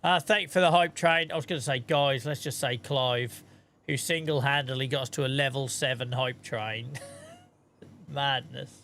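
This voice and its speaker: A man's voice: mid-range voice, fairly even intonation, normal speed, a bit bright, a little hiss or hum. A man chatting casually on a live stream while he plays a game, thanking viewers and muttering asides to himself.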